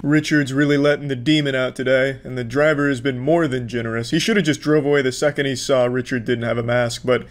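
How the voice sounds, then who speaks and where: A man doing sarcastic video commentary in a deadpan, mocking voice, swearing freely. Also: mid-range voice, fast, few pauses. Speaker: commentary host.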